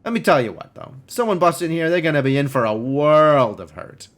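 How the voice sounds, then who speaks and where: A man's voice: on the high side, animated, fairly quick, fairly bright tone. A man voicing a boisterous, hungover middle-aged male cyber doctor who is cheerful and wisecracking.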